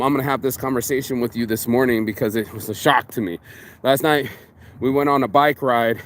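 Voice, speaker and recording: A man's voice: mid-range voice, slight background noise. Profane, rambling man vlogging outdoors. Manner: profane, animated storytelling with quoted voices. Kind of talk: casual rambling vlog rant.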